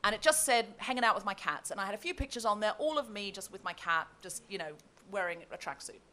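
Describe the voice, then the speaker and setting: A woman's voice: mid-range voice, fast. A woman telling a comic story on a live comedy podcast, reading out messages with relish. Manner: animated, reads out messages with relish. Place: comedy festival stage before a live audience.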